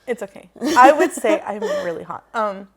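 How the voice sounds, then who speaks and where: Bubbly young woman with a lively voice. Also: on the high side, moderate pace. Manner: bubbly, upbeat, giggly. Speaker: podcast co-host. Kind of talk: casual chat.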